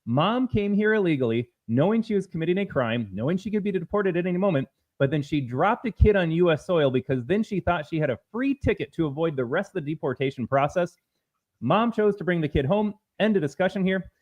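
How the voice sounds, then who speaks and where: A man's voice: high voice, lively intonation, fairly quick, darkish tone. Man co-hosting a political stream, argumentative, muffled lo-fi audio. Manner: emphatic, argumentative. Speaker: co-host. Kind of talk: political commentary show.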